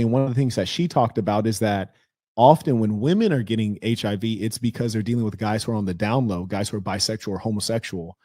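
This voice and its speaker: A middle-aged man hosting a relationship advice livestream, talking candidly and telling stories with loud, animated outbursts. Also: lowish voice, no room sound, studio quality. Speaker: host of a relationship advice show. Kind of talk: casual livestream talk reading viewer messages.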